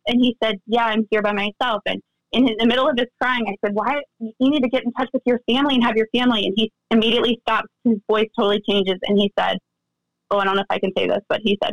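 A woman tells a personal story in an unhurried conversational interview. Her voice sits fairly high, and she slips into the voices of the people she quotes. The sound is dry and close, with no room around it. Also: no room sound, poor audio. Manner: animated, acts out quoted dialogue. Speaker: guest, friend recounting events.

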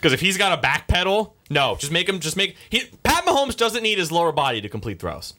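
Bright, lively man, blunt contrarian. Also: a little high, fairly quick. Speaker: podcast co-host. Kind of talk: casual sports chat.

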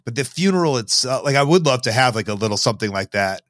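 A guest on a podcast, this Illinois man speaks in a medium, middle-register voice that's expressive, quick, and fairly bright. His casual chat rambles and reflects, with a wry edge. The recording is close and dry, with no echo or room sound at all.

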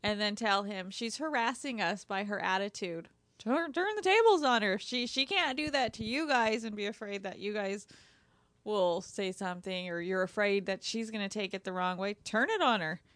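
A woman in casual conversation giving frank advice, chatty and quick to laugh. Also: medium pitch, a bit bright, no echo.

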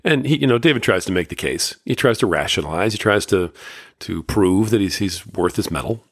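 Deep-voiced man talking casually. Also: animated, a little fast, fairly bright tone, slightly rough, no room sound, clean studio sound. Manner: loose, conversational, heavy on fillers. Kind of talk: casual talk retelling a Bible story.

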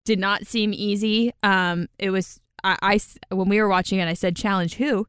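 A woman co-hosting a casual podcast recap, animated and laughing often. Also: medium pitch, normal speed, clean tone, no echo, studio quality. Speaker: podcast co-host.

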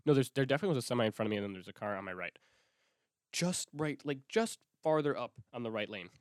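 A man's voice: medium pitch, lively intonation, quick pace, dry recording, studio quality. A young man hosting a podcast, talking in a rambling, profane, self-interrupting way with many restarts. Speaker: podcast host. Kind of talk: casual rambling monologue.

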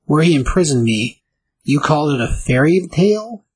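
Guy reading a moody thunder god from a comic, curt and bitter, husky voice. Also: on the high side, lively intonation, normal speed. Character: brooding, bitter male thunder god, weakened.

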